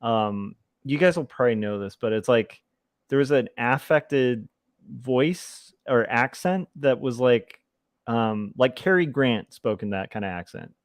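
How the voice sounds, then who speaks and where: A man hosting a livestream, chatting casually and thinking out loud while he draws comics. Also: mid-range voice, measured pace, no room sound. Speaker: livestream host and comic artist. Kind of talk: casual chat while drawing.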